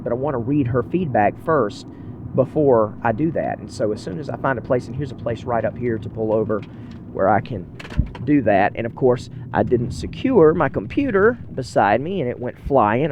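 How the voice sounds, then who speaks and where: Chatting to his audience from behind the wheel, this man hosts a podcast in an earnest, meandering, self-deprecating way. He has a medium-pitched, slightly mellow voice, and the audio is muffled with a little background noise.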